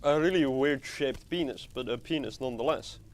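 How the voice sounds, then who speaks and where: A man's voice: mid-range voice, a little fast, slight background noise. Guy streaming a game, rambly and joking around, swears a bit. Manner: rambling, playful, swears casually. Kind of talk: casual live game stream chat.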